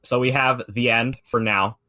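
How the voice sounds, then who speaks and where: A man's voice: medium pitch, steady tone, moderate pace, bright, forceful tone. A man in casual podcast chat, retelling a story in a rambling way with lots of fillers and swearing. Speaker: podcast co-host explaining lore.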